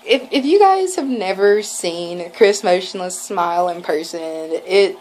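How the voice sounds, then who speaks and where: A young woman tells a fan story straight to camera, gushing and rambling, dropping "like" into every sentence. Her voice sits at an ordinary middle pitch. A faint hiss of room noise sits behind her. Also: big pitch swings, unhurried, rough recording. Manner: gushing, rambling, lots of "like" and acted quotes. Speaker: vlogger. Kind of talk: casual storytelling vlog.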